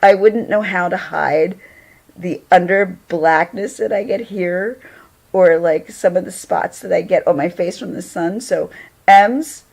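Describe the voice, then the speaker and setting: A woman's voice: on the low side, unhurried, gravelly, darkish tone. A woman hosting a casual livestream chat, greeting viewers and laughing often as she talks. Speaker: livestream host.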